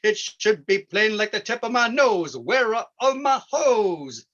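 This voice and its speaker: A man doing a character bit as a folksy, goofy old farm-show host with a corny, drawn-out delivery and chuckling "ho ho ho"s. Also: sits high, lively intonation, fairly bright tone, dull audio, voice pushed up, full character voice. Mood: folksy cheerful. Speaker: stand-up comedian.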